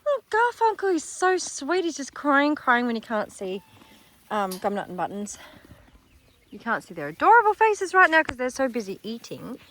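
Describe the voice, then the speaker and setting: A middle-aged Australian woman vlogging her animal sanctuary outdoors on a phone, chatting warmly and cooing at the animals. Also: wildly swooping pitch, moderate pace. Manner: chatty, affectionate, talks to the animals in a high baby voice. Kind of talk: casual vlog narration while filming. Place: outdoors on a farm, in paddocks with animals. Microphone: handheld phone camera, voice shifting closer and farther.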